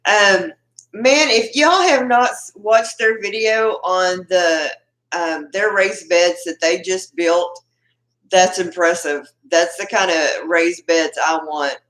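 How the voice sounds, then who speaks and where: Woman, Texan accent, livestream host, laughs a lot, slow easy delivery, echoey home room. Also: on the low side, fairly bright tone. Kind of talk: casual live chat with viewers. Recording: roomy echo.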